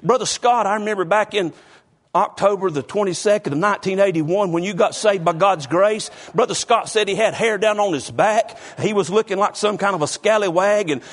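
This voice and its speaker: A man's voice: high voice, brisk. A man preaching a sermon, fervent and calling out members of the congregation by name. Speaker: pastor.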